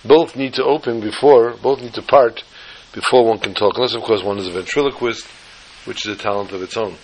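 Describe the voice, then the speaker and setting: A man giving a storytelling sermon as a religious teacher, animated and emphatic, piling up repeated phrases. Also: lowish voice, brisk, rough recording.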